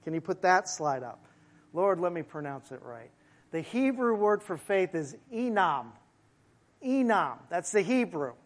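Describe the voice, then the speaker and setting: The sermon comes from a male pastor whose pitch is high; he keeps it conversational, tosses asides to the congregation and slows down to emphasize important lines.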